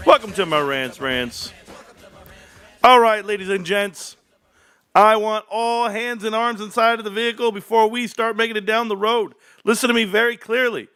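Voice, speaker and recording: This is a man hosting a livestream, and his voice sits high and bright with an edge to it. He rants to his chat in a loud, hyped way, jumping from one topic to the next. It is a fast, excitable stream-host delivery. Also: clear, resonant tone, soft background music. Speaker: stock market livestream host.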